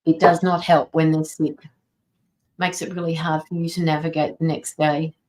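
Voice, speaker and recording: A woman's voice: sits low, level tone, normal speed, a little mellow, low-quality recording. A woman tarot reader and medium, chatting casually on a livestream from her home studio, sympathetic and greeting viewers by name.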